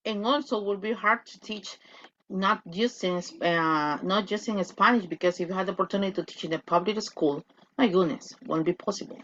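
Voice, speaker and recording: A woman's voice: medium pitch, moderate pace, fairly bright tone, highs cut off, slight background noise. Woman teacher making casual classroom asides. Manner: chatty asides, switching into Spanish. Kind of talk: classroom commentary.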